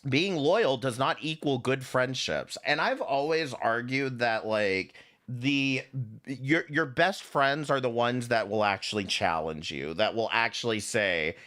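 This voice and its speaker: A man's voice: mid-range voice, animated, measured pace, sharp tone. A man hosting a stream, ranting profanely and sarcastically while reacting to clips. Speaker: streamer host. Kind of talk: reaction commentary.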